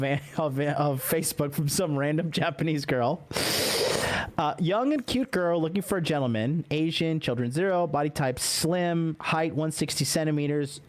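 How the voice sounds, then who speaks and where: A young man hosts a live-streamed dating podcast, talking in a loose, brash and joking way with lots of swearing. His voice sits a little high for a man. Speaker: podcast host. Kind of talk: casual live-stream chat.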